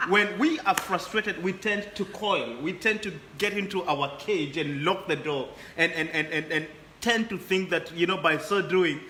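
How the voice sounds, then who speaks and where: A man's voice: high voice, normal speed, pushed and bright, roomy sound, slight background noise. A man talking as a guest in a casual chat, often repeating words as he builds his points.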